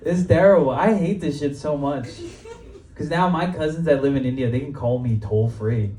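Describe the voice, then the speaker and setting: A man's voice: a little high, moderate pace, background noise. A young man doing a stand-up comedy set in a club, casual and profane, laughing at his own jokes. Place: comedy club stage before a live audience. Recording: roomy live club sound, mic at a distance, crowd. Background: audience laughter and cheers.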